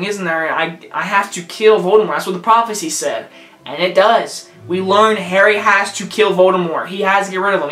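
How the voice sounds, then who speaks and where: A man giving a casual, excitable movie review, rambling and gushing as he goes. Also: sits high. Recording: roomy echo.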